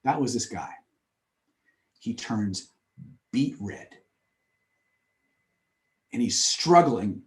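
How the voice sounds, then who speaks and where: A man's voice: medium pitch, extremely slow, long pauses. A man giving a live seminar on influence, telling stories in an emphatic, repetitive way. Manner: animated, emphatic, repetitive phrasing. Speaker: influence trainer. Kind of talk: live seminar talk with storytelling. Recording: echoey room.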